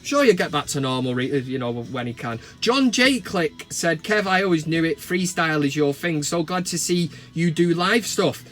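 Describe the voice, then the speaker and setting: A middle-aged man from England with a Mancunian accent, ranting and joking to camera from his van, bursting into mock shouts. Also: fairly high pitch, moderate pace, few pauses, faint music behind. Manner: swears and mock-shouts in outbursts. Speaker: vlogger. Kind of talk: casual comedic rant to camera. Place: parked van cab.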